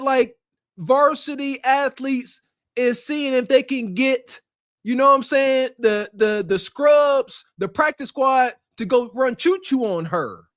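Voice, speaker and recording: Man, high voice, laughing podcast co-host, mocking commentary, dry close mic. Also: no echo. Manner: animated, laughing, playfully mocking. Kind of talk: casual reaction commentary.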